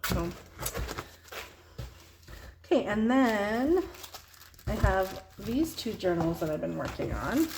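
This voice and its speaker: A tired woman casually showing her artwork and journals in a vlog, talking in a relaxed, rambling way. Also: mid-range voice, noisy background. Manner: relaxed, rambling, soft-spoken with yawns. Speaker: junk journal artist. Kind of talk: casual show-and-tell vlog.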